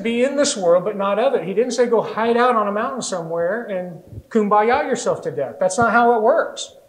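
An American man preaching a sermon as pastor, telling stories in an animated way and acting out little voices. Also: high-pitched, rough recording. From United States.

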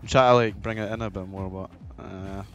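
A young Scottish man chatting on a live gaming stream, excitable and swearing freely, often breaking into laughter. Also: sits low, normal speed, muffled recording. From Scotland. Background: faint music.

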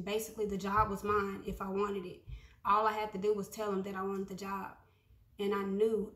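A woman's voice: medium pitch, fairly bright tone, echoey room. A young woman giving a casual prophetic message to her followers, talking conversationally with many ums and repeated phrases. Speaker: prophetic speaker.

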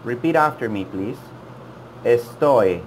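A man teaching a language lesson, repeating words slowly and patiently for learners to copy. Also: medium pitch, expressive, slight background noise. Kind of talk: slow, deliberate language lesson.

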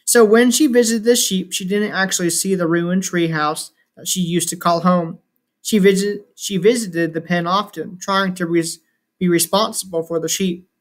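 Brief: plain storybook narrator, unpolished read with restarts, mid pitch. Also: steady tone, normal speed. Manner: unpolished reading with slips and restarts. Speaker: reader. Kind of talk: reading a novel aloud.

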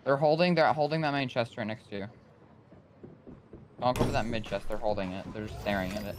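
Brief: young male gamer, rapid callouts, loud noise behind his voice. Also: medium pitch. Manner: quick tactical callouts, laughs easily. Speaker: teammate. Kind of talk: gameplay callouts.

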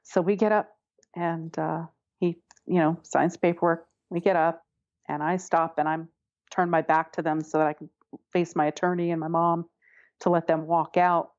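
A woman's voice: low-pitched, little pitch movement, moderate pace, a little mellow, no room sound, lo-fi sound. A woman telling a personal story in an interview, candid and wry, often laughing as she talks. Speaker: interview guest.

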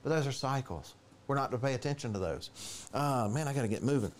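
A man preaching a conversational sermon in a church, animated and chatty, acting out quoted voices. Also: fast talker, a little hiss or hum. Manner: animated, storytelling, jumps to higher pitch for quoted voices. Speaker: pastor.

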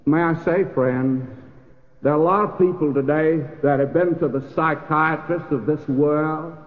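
A man's voice: on the high side, a little slow. An older man preaching a sermon in a church, folksy in manner and rising to emphatic peaks. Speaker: pastor. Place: church sanctuary. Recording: lo-fi phone-like old radio recording with long hall reverb.

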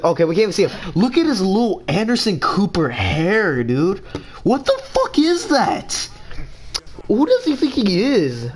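A young man giving profane, trash-talking commentary over his own basketball video game match. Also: sits high. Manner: loud, swearing, trash-talking, swings to mock apology. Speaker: gaming video creator.

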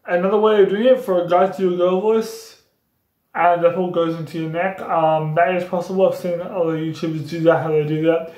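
High and a little mellow, his voice stays level and moves fairly quickly. The young YouTuber chats loosely about voice impressions, repeating himself as the room echoes.

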